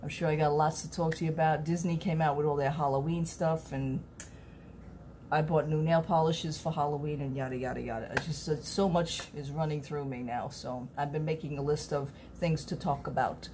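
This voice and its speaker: A woman's voice: low-pitched, steady tone, a little fast, darkish tone, slight background noise. A middle-aged woman, chatting to camera in a rambling, earnest way as a vlogger. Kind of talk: casual chat to camera.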